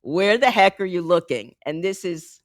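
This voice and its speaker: A woman who coaches executives on speaking, talking with lively, emphatic emphasis in a podcast interview. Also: on the low side, normal speed, no room sound, studio quality. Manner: lively, emphatic, teaching by example. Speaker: executive communication coach, guest.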